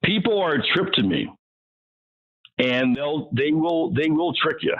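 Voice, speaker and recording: A man as interview guest, telling stories in an animated way and acting out what people said. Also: fairly high pitch, measured pace. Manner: animated, acts out quotes, frequent restarts. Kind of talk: casual storytelling interview. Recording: muffled lo-fi audio.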